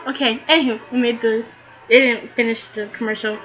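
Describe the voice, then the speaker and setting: Excitable rambling teen girl storyteller. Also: a little high, normal speed, muffled recording. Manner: rambling, excitable, lots of fillers. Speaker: vlogger. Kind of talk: casual storytelling vlog.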